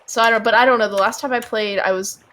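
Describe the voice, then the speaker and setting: A woman's voice: fairly high pitch, fairly even intonation, fast talker, fairly bright tone. A young adult woman co-hosting a gaming podcast in casual chat, rambling with lots of ums and likes. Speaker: podcast co-host.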